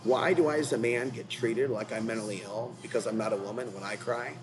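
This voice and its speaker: A man's voice: medium pitch, steady tone, a little fast, music in the background, poor audio. A man hosting his own channel, ranting in an agitated, repetitive, confrontational way, apparently while in a car. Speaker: channel host. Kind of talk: rambling commentary rant.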